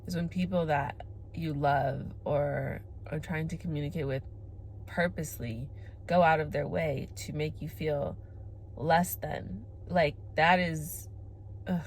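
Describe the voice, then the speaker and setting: A woman's voice: sits low, unhurried, slight background noise. A woman in her twenties talking to camera in a candid girl-talk monologue, emphatic, with frequent swearing and "like" fillers. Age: 20s. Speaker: vlogger.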